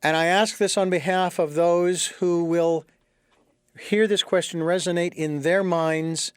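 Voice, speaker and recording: High, smooth-voiced male host. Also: fairly even intonation, dry recording, clean studio sound. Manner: careful, deliberate questioning. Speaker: podcast host. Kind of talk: interview.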